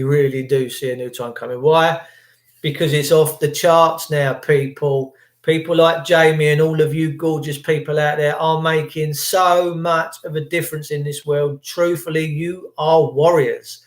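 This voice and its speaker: Older man, livestream host, emotional rambling preaching, stumbles on words, fairly high voice, echoey room. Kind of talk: impassioned rambling livestream monologue.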